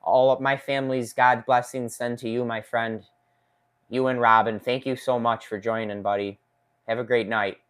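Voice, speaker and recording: A man hosts a casual live stream, talking straight to his viewers. He reads their comments out loud and laughs often. He speaks into a desk microphone with his injured hand in a splint. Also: mid-range voice, flat delivery, normal speed, clear, resonant tone. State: recovering from a finger injury, in a splint. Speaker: woodworking channel host.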